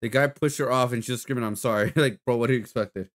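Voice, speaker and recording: A male streamer chatting loosely to his viewers, swearing freely and laughing through his reactions. His voice sits at an ordinary middle pitch, relaxed and unscripted. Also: quick pace.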